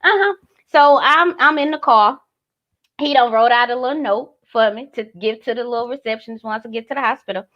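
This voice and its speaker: A woman's voice: fairly high pitch, brisk. A woman, telling a personal story in casual chat and acting out each voice. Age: 30s. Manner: animated, acts out every voice in her story. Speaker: guest. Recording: muffled lo-fi audio.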